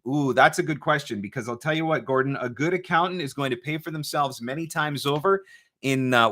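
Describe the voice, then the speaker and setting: A man's voice: mid-range voice, pushed and bright. A man hosting a casual advice livestream from his studio, talking conversationally and often repeating words as he restarts. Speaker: voice-over business coach, livestream host. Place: home studio.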